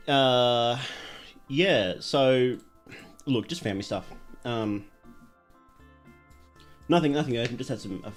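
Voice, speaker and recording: A man, chatting casually on a livestream, rambling with many fillers and restarts. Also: medium pitch.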